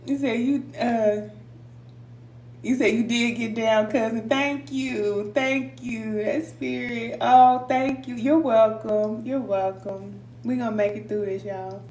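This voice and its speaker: A woman's voice: a little high, steady tone, slow pace, a little mellow. A middle-aged woman hosting a casual live stream, talking informally with viewers, laughing often and reading out their comments. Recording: echoey room with faint hum.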